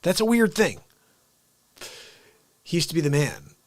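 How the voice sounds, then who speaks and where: Excitable rambling male comedy streamer. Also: a little high, normal speed, long pauses, no room sound. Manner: excitable, rambling, self-interrupting. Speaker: livestream comedy host. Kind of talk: unscripted live comedy chat.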